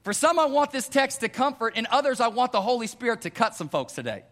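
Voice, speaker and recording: A man preaching a sermon to a congregation in a church, calling out "amen?" and asking rhetorical questions, moving between hushed earnest pleading and louder emphatic urging. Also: very high voice, sing-song, quick pace. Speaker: pastor. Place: church hall before a congregation.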